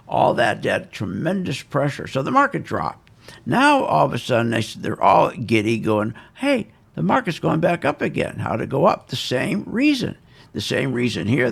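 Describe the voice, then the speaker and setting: A man's voice: mid-range voice, vocal fry, breathy edge. A man giving casual, emphatic and self-assured stock market commentary, repeating his points.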